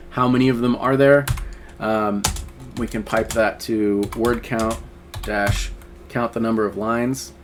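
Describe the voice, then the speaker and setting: A man's voice: lowish voice, a little hiss or hum. A man teaching a screen-recorded coding lesson, talking casually and thinking aloud with many fillers. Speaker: instructor. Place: at a computer, keyboard typing.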